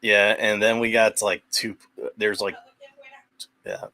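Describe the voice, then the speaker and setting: Young guy rambling on a stream chat, bright edgy voice, low-ish, super dry mic. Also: steady tone, takes it slowly, no echo. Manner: rambling, many restarts and fillers, swears casually. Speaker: guest on a live stream. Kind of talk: casual chat.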